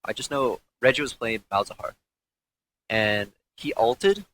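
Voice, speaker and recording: A young man, a former pro gamer, telling a candid, swearing story in casual talk with frequent halting restarts. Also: medium pitch, big pitch swings, fairly bright tone, slight background noise, poor audio.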